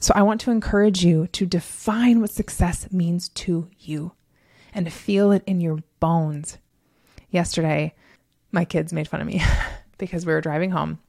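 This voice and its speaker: Woman podcast host, low gravelly voice, emphatic and candid, swears freely, laughs a lot, dry close sound. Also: steady tone, unhurried, dark tone, dry recording. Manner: laughs often while telling stories. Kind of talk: motivational solo podcast talk.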